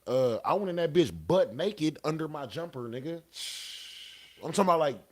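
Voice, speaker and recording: A man's voice: fairly high pitch, lively intonation, normal speed. Laid-back, profane young man storyteller. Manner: laid-back, profane, peppered with "you know what I'm saying". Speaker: podcast guest. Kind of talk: casual storytelling.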